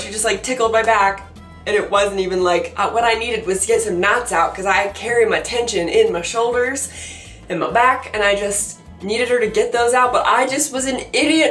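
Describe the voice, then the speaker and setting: A young woman vlogger telling a funny personal story in a chatty, animated way, with many fillers, often laughing at herself. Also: mid-range voice. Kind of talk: casual storytelling to camera. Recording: roomy sound from a distance with faint music.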